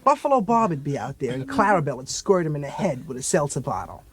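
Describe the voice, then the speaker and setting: A young man doing live stand-up comedy, animated and mock-shouting his impressions. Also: a little high, fast, crowd noise. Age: 20s. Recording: live club recording with loud audience.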